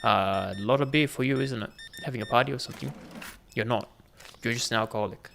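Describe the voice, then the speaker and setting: A young man gives casual gameplay commentary, teasing the customers as he rings them up. His voice has a gravelly, rough texture. A faint hiss sits under the recording. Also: medium pitch, quick pace, fairly bright tone. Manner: chatty, joking with in-game customers. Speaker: gaming video host.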